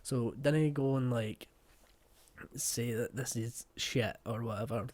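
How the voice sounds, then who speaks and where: A man's voice: medium pitch, takes it slowly, darkish tone. Sweary Scottish man reacting. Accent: West of Scotland. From Scotland. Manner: sweary, blunt and jokey. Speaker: reaction video host. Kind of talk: casual reaction commentary.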